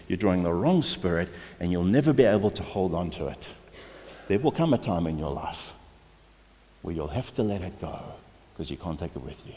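Deep-voiced male pastor preaching in a hall. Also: big pitch swings, fairly quick, mellow. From South Africa. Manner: emphatic, exhorting, with repeated restarts. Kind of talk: sermon. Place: church hall. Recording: long hall reverb.

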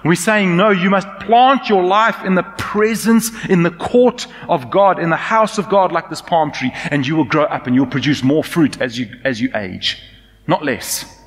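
A man preaching a sermon as pastor, swinging from loud, raised emphasis to soft, quiet intimacy. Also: fairly high pitch, moderate pace. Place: church hall. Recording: long church reverb.

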